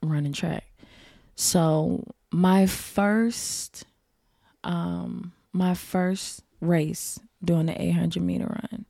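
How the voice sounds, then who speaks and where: A woman's voice: on the low side, steady tone, drawn-out words, creaky, warm tone, no room sound, clean studio sound. A woman guest on a podcast telling a personal story in a vivid, casual way, turning to the listeners with y'all.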